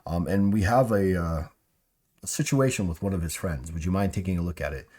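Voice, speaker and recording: Guy doing a shy deferential acolyte, quiet and stumbly, really deep voice. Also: a little fast. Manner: hesitant, stumbling, soft.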